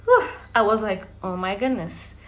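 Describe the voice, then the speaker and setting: A woman from Verde, around her thirties, talks straight to her viewers in a casual, chatty vlog. Her voice sits at an ordinary middle pitch, and she often laughs as she tells her stories. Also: very animated, normal speed, a little hiss or hum. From Cape Verde. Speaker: vlogger.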